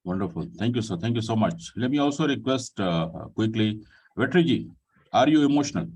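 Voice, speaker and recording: Soft-spoken man hosting an online talk. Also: on the low side, expressive, husky, distant mic, rough recording. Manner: polite, addresses people with "ji" and "sir"; pauses with frequent fillers. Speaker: session host. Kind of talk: online group discussion.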